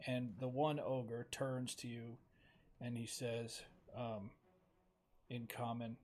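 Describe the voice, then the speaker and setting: A man running a tabletop game as game master, narrating haltingly with many ums and pauses. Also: mid-range voice, level tone, a little mellow. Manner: halting, full of ums and pauses while setting up.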